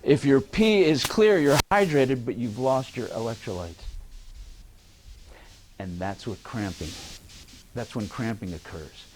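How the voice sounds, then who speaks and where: A man's voice: mid-range voice, expressive, unhurried, pauses often, a little hiss or hum. A man giving a university lecture, quizzing the audience and joking as he goes. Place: lecture hall.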